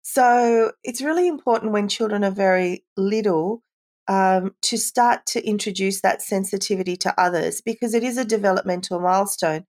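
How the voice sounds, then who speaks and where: A middle-aged woman speaking as a parenting expert guest, explaining warmly in a conversational interview, with frequent "you know" and light laughs. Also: medium pitch, moderate pace.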